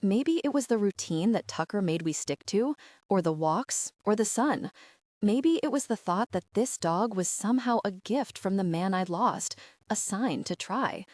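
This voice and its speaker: A woman narrating a first-person romance audiobook in a steady, even voice, read close to the mic. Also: medium pitch, measured pace, dry recording.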